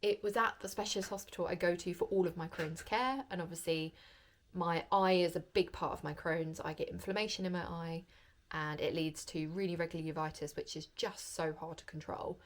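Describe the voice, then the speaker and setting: A woman's voice: fairly low pitch, fairly even intonation, a little fast. Woman, young, chatty vlog, candid, emotional, effusive. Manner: open and emotional, gushing with praise. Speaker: vlogger.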